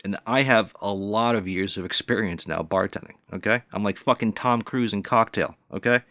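A man's voice: on the low side, moderate pace, a bit bright, no room sound, studio quality. A man in his forties, a bartender, ranting in a profane, indignant and mocking way. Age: 40s. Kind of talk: ranting monologue.

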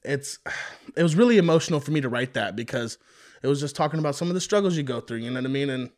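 A young man, a rapper, talking casually in an interview about writing songs, with relaxed speech full of "you know what I mean". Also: mid-range voice, fast. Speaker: rapper guest.

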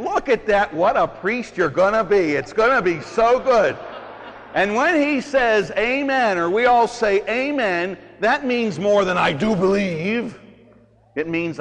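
A man, a priest, preaching a sermon in an animated way, moving from loud urging to hushed, quiet passages. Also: sits high, a little slow, in a large hall. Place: church.

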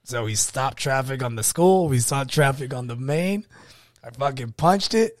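A man in casual podcast chat, telling a story with lots of swearing and real animation. His voice sits at an ordinary middle pitch, and the sound is dry and close with hardly any room in it. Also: lively intonation, moderate pace, no echo. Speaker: podcast co-host.

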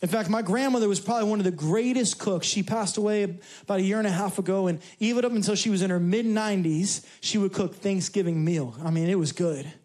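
A man's voice: high-pitched, fast talker, a little mellow. A male pastor from New York preaching a sermon in a conversational, humorous way, with asides to the congregation. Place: church service.

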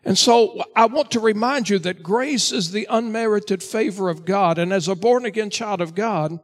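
High-voiced preaching pastor. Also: male voice, normal speed. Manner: earnest, exhorting, repeats "listen" to the congregation. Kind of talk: sermon.

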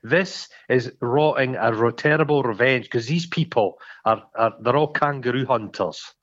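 A man co-hosting a film podcast, retelling scenes in a rambling, sweary, animated way. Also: mid-range voice, normal speed, dull audio. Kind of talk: casual chat.

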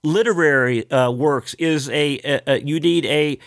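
Animated comedian man, dry close sound. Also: on the high side, no echo. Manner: animated, mimics voices in quick asides. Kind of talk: casual chat.

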